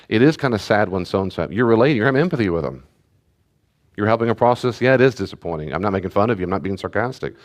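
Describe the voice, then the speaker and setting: A middle-aged man, a pastor, teaching parents in a conversational way, repeating key phrases and acting out parent and child voices. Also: low-pitched. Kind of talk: teaching talk to a church group.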